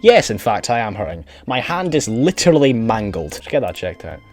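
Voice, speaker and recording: A man playing through a video game, reading its text aloud and reacting in an excitable, sweary way. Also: fairly low pitch, brisk. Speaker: game streamer. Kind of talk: let's play commentary.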